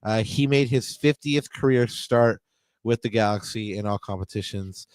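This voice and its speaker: A man's voice: lowish voice, moderate pace, darkish tone, clear, resonant tone, no echo. A man co-hosting a sports podcast in casual chat, reading out stats with frequent fillers and restarts. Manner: conversational, many fillers and restarts. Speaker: podcast co-host.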